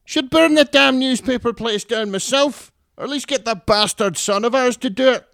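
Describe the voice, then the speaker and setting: A man doing a shrill grating Scottish mum. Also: moderate pace, gravelly, a bit bright, dry recording, clean studio sound, full character voice. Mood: snapping. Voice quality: grating, yapping. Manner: shrill and snappish. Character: grating, rude, round Scottish mother.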